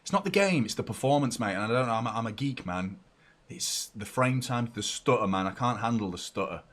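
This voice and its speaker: Brief: young man, football fan host, excitable live watchalong chatter, mid-pitched, talking from a room at home. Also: fairly quick. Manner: excitable, chatty, swings between shouts and mutters. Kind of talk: live match watchalong commentary.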